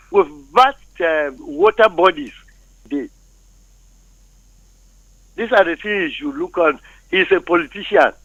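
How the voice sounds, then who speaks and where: A man with a Nigerian accent calling in, arguing his views forcefully with some teasing. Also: high-pitched, creaky, no room sound. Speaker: phone-in caller. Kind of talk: call-in opinion. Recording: dull dry phone line.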